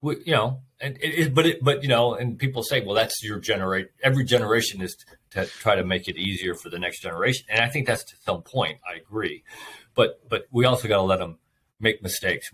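A man's voice: deep voice, a little fast, a bit bright, slight background noise. A man in a casual conversation, speaking emphatically and repeating his key points like a seasoned speaker to students.

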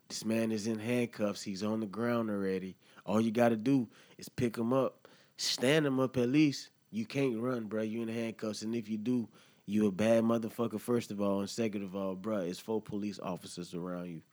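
A man holds forth on his solo podcast. He is heated and profane, full of slang, and talks straight to his listeners. His voice sits a little low. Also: steady tone, moderate pace, a little mellow. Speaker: podcast host. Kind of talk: impassioned solo podcast commentary.

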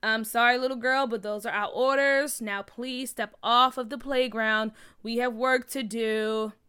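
A woman's voice: a little high, level tone, slow pace, a bit bright, clean tone. A woman voicing a curt, firm male demolition foreman in a storybook read-aloud. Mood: stern.

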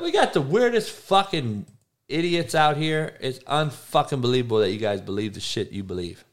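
A man's voice: medium pitch, animated, moderate pace. A man in a crude, heated casual rant, swearing constantly.

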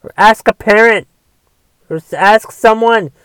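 A man's voice: high voice, unhurried, fairly bright tone, clean tone, no echo. A man delivering a solo rant, exasperated and swearing often as he talks. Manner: profane, exasperated ranting with restarts.

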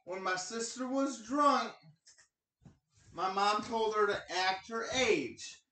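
A mother chatting casually among friends and telling stories in an animated way. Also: medium pitch, takes it slowly. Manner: animated storytelling. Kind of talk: casual chat. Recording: roomy sound, far from mic.

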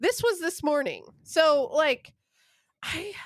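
A woman's voice: high voice, animated, takes it slowly, no echo. A young adult woman telling a long, rambling, profane story in casual chat.

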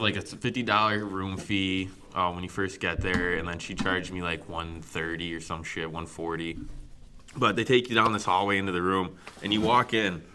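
A low-voiced man spins a crude, laugh-filled story among friends. His tone has a bright, forward edge over a deep register, with a faint background hiss. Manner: profane, laughing, animated storyteller. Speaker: podcast co-host.

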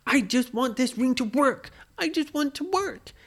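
A woman voicing an excitable, quick-tempered young boy in a bedtime story, her voice lifted a little higher. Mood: frustrated.

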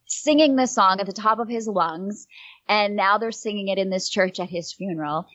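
A woman's voice: medium pitch, normal speed, a bit bright, no room sound. A middle-aged woman telling a personal story in casual chat, rambling a little with frequent fillers. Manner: rambling, fills with um and like. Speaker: guest. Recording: dull, slightly lo-fi dry sound.

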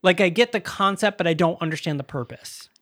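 A man's voice: high-pitched, brisk, a bit bright, dry recording, studio quality. A man co-hosting a podcast, chatting casually about a movie, laughing often and swearing when annoyed. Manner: laughing, exasperated, swears freely. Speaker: podcast co-host. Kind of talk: casual movie review chat.

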